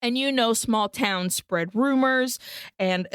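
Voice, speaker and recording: Podcast co-host, woman, smooth, dry close-mic sound, casual bilingual plot recap. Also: a little high, takes it slowly, fairly bright tone, no room sound. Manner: recaps the plot, switching between English and Spanish, swears freely. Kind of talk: casual film-recap chat.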